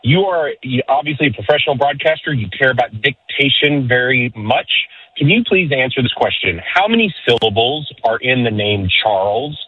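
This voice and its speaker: A man's voice: mid-range voice, animated, moderate pace, husky, dry recording. Dry-humored male caller over a phone line. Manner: dry, joking, polite. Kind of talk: phone-in call.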